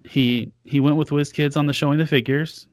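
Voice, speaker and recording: A man's voice: on the high side, fairly even intonation, a little fast, dry recording. Man, podcast co-host, casual chat, rambling, frank, dry close sound.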